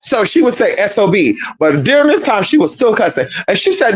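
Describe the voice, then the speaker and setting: Husky yet high, very animated, and fairly quick, a young spiritual content creator sassily tells viewers a family story, swearing and calling them girl and honey. The recording is low quality.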